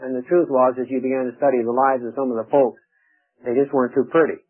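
A man's voice: mid-range voice, steady tone, quick pace, narrow, tinny audio. A man giving a conversational Bible lecture on church history, asking rhetorical questions and often restarting his sentences. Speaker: Bible teacher.

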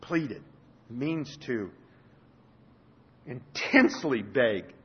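A man preaching a sermon with passion, swinging between loud urgency and quiet intensity. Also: medium pitch, expressive, drawn-out words, husky. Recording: dull lo-fi sermon recording.

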